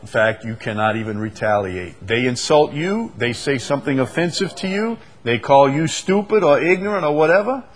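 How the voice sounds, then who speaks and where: A man leading a conversational Bible study, reading verses slowly and with weight, then explaining them with easy laughs. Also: medium pitch. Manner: animated, stresses quoted verses slowly, laughs often. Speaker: Bible teacher.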